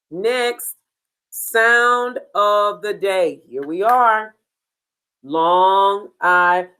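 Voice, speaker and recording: A woman teaching a beginners' phonics lesson, slow and deliberate, drilling sounds and spelling words letter by letter. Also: on the low side, a bit bright, clean tone, rough recording.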